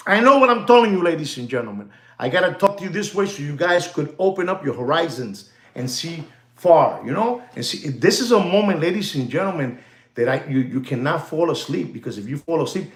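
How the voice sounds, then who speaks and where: A very animated watch dealer and market commentator speaks fairly quickly in a fairly high voice about watches and gold. He rambles and repeats himself, peppering his talk with "you know" and Spanish slang while hyping and joking with the "ladies and gentlemen" watching. Roomy echo fills the recording.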